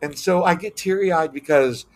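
A man's voice: a little high, normal speed, slight background noise. Emotional middle-aged man telling stories. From South Texas. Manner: animated storyteller acting out quotes. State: teary. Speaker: guest. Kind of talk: emotional interview storytelling.

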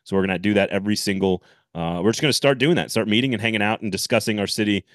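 Podcast co-host, male, lower register, dry close mic, chatty and animated. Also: racing, dry recording. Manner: animated, laughs often, rambling restarts. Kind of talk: casual sports podcast chat with ad read.

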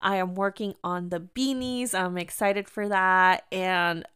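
A woman's voice: fairly low pitch, fairly even intonation, a little slow, a bit bright, smooth. A young woman hosting a podcast, telling a casual story full of "like" and mixing English with Spanish. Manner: chatty, switching between English and Spanish, lots of "like". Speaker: podcast host.

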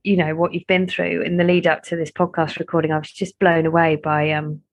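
A woman hosts a podcast in easy, casual chat. She speaks with effusive praise for her guest. Her voice sits a little low for a woman. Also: flat delivery, fairly quick. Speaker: podcast host.

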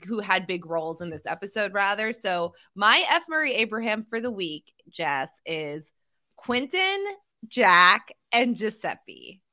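A woman's voice: medium pitch, bright, forceful tone. A woman co-hosting a casual podcast chat, thinking aloud with asides and the odd "um". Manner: thoughtful, talks things through with "um" and asides. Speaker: podcast co-host.

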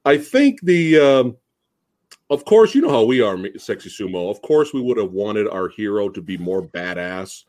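A man hosting a podcast, chatting casually and excitedly about a movie, swearing freely and restarting his sentences. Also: fairly low pitch, normal speed. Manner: excited, profane, lots of fillers and restarts. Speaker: podcast host. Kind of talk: casual chat.

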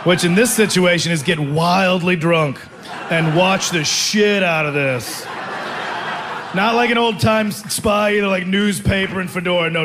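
A man's voice: high voice, noisy background. A man performing stand-up comedy, telling a rambling, self-mocking story.

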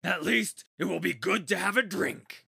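A man voicing a hideous ancient male troll who gloats, taunts and cheats, with a gravelly, squawking voice. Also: normal speed, pushed and bright, dry recording, studio quality, exaggerated voice. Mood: gloating. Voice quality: gravelly, raspy, high and squawking.

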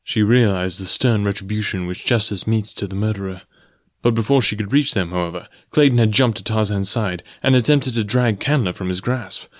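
A man narrates a novel in a steady, even reading voice. His pitch sits on the low side. The recording is close and dry. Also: a little fast, dry recording. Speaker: audiobook narrator. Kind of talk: scripted narration.

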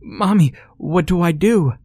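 A man voicing a frightened, desperate little boy who pleads in high cries. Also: a little slow, mellow, slightly rough, dry recording, clean studio sound, heavily acted. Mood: pleading, terrified.

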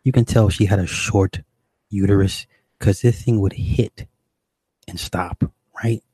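A man's voice: on the low side, fairly even intonation, a little slow, dark tone, husky, no echo. A young man doing stand-up, telling a crude story in a profane, exasperated, rambling way. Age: young adult. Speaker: stand-up comedian.

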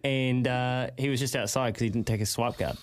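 A young man co-hosting a radio show, chatting loosely and peppering his stories with "like". His pitch is ordinary for a man. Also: fairly even intonation, a little fast, slight background noise. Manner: chatty, lots of "like". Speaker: radio co-host. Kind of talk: casual radio banter.

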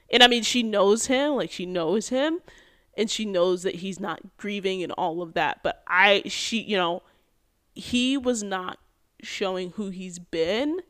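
A woman hosting a podcast, recapping a TV episode in an animated, casual way with many fillers and quick bursts. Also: medium pitch. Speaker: podcast host.

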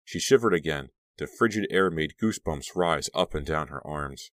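A man narrating a young-adult horror audiobook in an even, measured reading. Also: rumbling low, no echo.

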